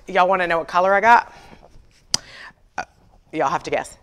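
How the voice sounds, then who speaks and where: A woman's voice: fairly low pitch, moderate pace, pauses often, noisy background. A woman hosting a furniture painting livestream, chatting with viewers and telling stories with acted-out dialogue and self-deprecating humor. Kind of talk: casual livestream chat.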